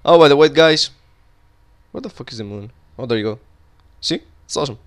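A young man commentating his game casually, cursing a lot and yelling in panic when monsters show up. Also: medium pitch, lively intonation, fairly quick. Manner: casual, swears often, cries out in panic at monsters. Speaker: gaming YouTuber. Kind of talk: Minecraft let's play commentary.

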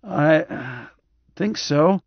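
A man voicing a frail, bedridden cyborg man who speaks in a weak, reedy whisper, slow and hesitant, with a resentful edge. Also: on the high side, lively intonation, husky, dry recording, muffled recording, voice pushed up, full character voice.

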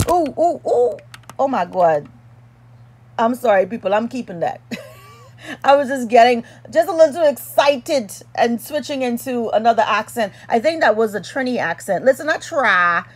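A woman giving a casual perfume review in a sassy, animated, playful way with dramatic emphasis. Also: fairly high pitch, normal speed, slightly rough. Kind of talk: casual product review vlog.

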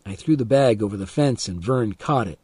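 A man reading a first-person story aloud as an audiobook narrator, calm and expressive, for English learners. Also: on the low side, a little fast, husky, no room sound.

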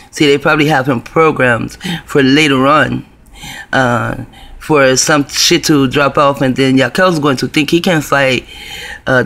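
A man's voice: medium pitch, a bit bright. A man telling a personal story to camera in a rambling, profane, conspiratorial way. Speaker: video blogger.

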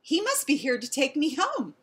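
A woman's voice: huge pitch swings, moderate pace, a bit bright, exaggerated voice. A woman voicing a frightened little female dog. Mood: longing. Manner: high, pleading and wistful. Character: small frightened young female dog, longing for home.

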